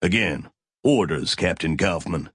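A man reading an audiobook, voicing a smug, smooth male officer who speaks in a measured, dismissive way. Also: deep voice, lively intonation, a bit bright, dry recording, clean studio sound, heavily acted.

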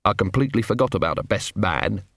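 Tired, nervous city watchman read by a male narrator, clipped and low, dry sound. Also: lively intonation, fast talker, fairly bright tone, husky, no echo, heavily acted.

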